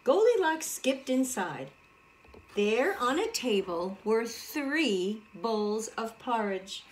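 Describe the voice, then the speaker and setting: A woman preschool teacher reads a storybook to young children, animated and drawing them in with questions. Her voice is fairly high, lilting and very unhurried. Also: a little hiss or hum. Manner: animated, addresses the children directly.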